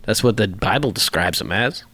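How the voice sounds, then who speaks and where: A man's voice: on the low side, expressive, moderate pace, bright, forceful tone, no echo. A man co-hosting a casual podcast, swearing freely and drifting off on tangents. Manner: profane, rambling, jokey. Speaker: podcast co-host. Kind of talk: casual chat.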